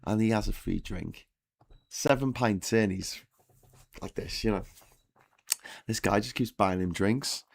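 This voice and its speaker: A man's voice: on the low side, measured pace, vocal fry, long pauses. A hungover man hosting a casual morning live stream, telling jokes and rambling through the news with frequent restarts.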